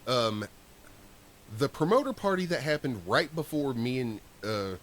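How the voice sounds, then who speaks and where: A man's voice: medium pitch, a little slow, slight background noise. A man co-hosting a podcast, telling stories in loose, profane casual chat. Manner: animated, acts out voices in his stories. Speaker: podcast co-host.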